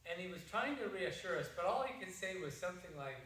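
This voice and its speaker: A man's voice: high-pitched, expressive, fast talker, few pauses, a bit bright, slight background noise. A middle-aged man giving a seminar talk, telling a story in a folksy, rambling way with many restarts. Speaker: seminar presenter. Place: seminar room. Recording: distant mic in an echoey room.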